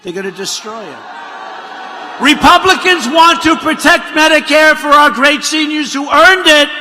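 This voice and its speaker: A man giving a campaign rally speech, rambling and mocking, repeating himself and breaking into shouts. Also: very high voice, normal speed, slight background noise. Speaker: politician addressing a rally. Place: large rally venue. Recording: long arena reverb, faint crowd ambience.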